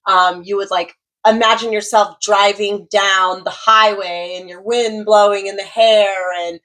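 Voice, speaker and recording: A woman's voice: mid-range voice, steady tone, a little slow, bright, forceful tone. A woman tarot reader talking casually about manifestation, chatty and giggly, full of "like" and "um", swearing freely.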